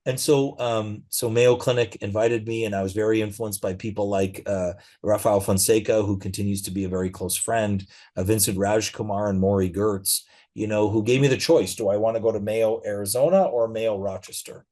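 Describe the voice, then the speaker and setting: A middle-aged man speaking as a guest in a conversational interview, telling stories in a relaxed way with frequent fillers. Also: fairly low pitch, normal speed, hardly any pauses.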